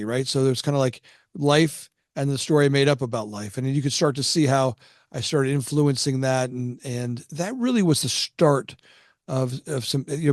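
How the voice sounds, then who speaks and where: A man's voice: medium pitch, darkish tone, no echo, clean studio sound. A middle-aged man, a podcast guest, telling his life story in a casual, rambling way, often repeating words and acting out what other people said. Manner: rambling, repeats words, acts out quoted dialogue.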